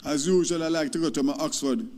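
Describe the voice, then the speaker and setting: Higher-voiced Jamaican man mocking rivals. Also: fast talker, darkish tone. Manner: mocking, reads definitions aloud. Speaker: politician. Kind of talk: political speech. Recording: clip with faint background noise.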